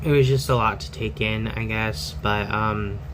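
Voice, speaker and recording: A man's voice: on the low side, steady tone, a little slow, background noise. A man telling a personal story in a candid, rambling way, full of fillers and restarts.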